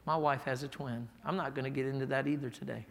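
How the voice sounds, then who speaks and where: A man's voice: medium pitch, fairly even intonation, fast talker, creaky. A man preaching a sermon as pastor, in a folksy, emphatic way, reading scripture. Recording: echoey hall.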